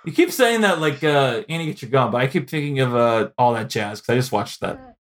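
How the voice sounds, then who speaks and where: A man co-hosting a podcast, chatting casually about old movies with lots of fillers and quick laughs. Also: mid-range voice, lively intonation. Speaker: podcast co-host. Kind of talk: casual film discussion.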